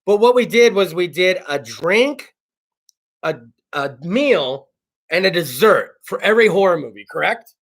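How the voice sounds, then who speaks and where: A man from South Texas hosting a casual talk show, loud, excitable and profane, often bursting into shouts while plugging sponsors. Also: high voice, a little slow.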